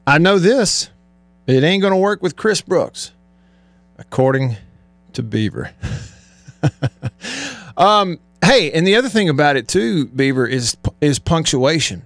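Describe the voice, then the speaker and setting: Chatty higher-voiced male radio host. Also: sing-song, a little slow, long pauses, no echo. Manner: chatty, rambling, laughs often. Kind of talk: casual on-air banter. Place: radio studio.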